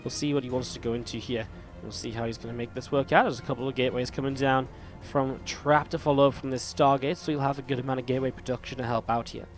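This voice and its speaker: A male esports caster gives running play-by-play and chats straight to his viewers, with a mid-range voice that sounds a little strained. Soft music plays faintly behind him. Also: medium pitch, fairly even intonation, fast. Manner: chatty, rambling, talks to viewers directly. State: slightly strained voice. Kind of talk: live play-by-play game commentary.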